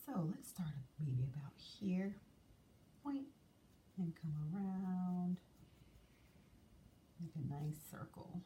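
A woman's voice: on the low side, expressive, slow pace, long pauses, mellow. A woman teaching young children a drawing lesson, coaxing and sing-song as she draws and asks them questions. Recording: distant mic, faint room noise.

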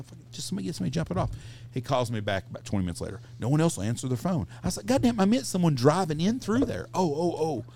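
A middle-aged man hosting a podcast, telling a crude anecdote in a casual, profane, animated way. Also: mid-range voice, gravelly, slight background noise. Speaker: podcast host. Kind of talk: casual storytelling.

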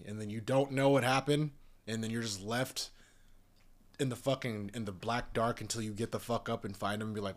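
Young man, lowish voice, rambling exasperated rant full of swearing. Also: fairly even intonation, a little fast. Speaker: commentator. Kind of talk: casual rant.

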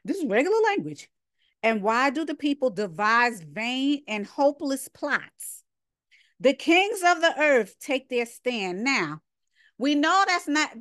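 A woman's voice: a little high, no echo, studio quality. A woman teaching a casual scripture lesson, reading verses aloud and then commenting directly to her listeners. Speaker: Bible study teacher.

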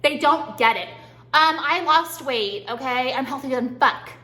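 A woman's voice: high voice, measured pace, pushed and bright. A young woman vlogging from her home kitchen in a profane, rambling comedic rant, full of fillers and insults. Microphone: phone or camera set on counter, moving.

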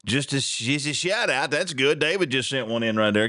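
Rambling folksy radio host. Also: male voice, mid-range voice, animated, moderate pace, sharp tone, no room sound, studio quality. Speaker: radio talk show host. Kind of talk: casual radio chat.

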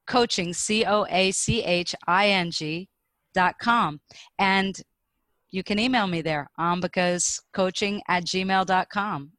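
Woman coach on a podcast showing voice warm-ups, middle pitch, dry sound. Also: dry recording. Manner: demonstrative, shows vocal warm-up exercises aloud. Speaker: speaking coach guest. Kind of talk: podcast interview.

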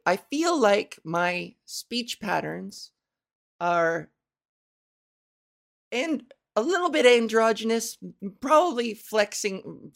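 Slow, gravelly woman podcast host. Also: medium pitch. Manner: rambling, self-mocking, laughs at own jokes. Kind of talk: casual solo podcast chat. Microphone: studio microphone.

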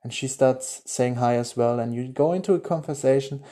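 German guy doing a solo motivation podcast, mellow warm voice, excited, swears a lot, gets quiet and dreamy. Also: medium pitch, moderate pace. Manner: enthusiastic, swears casually, drops to a hushed voice while visualizing. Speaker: podcast host. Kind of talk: motivational monologue with guided visualization.

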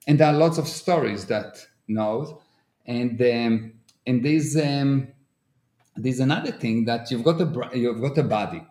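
A man's voice: medium pitch, a little mellow. A man with an Israeli accent explaining ideas earnestly in a casual podcast chat, using everyday examples and non-native grammar. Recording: roomy echo.

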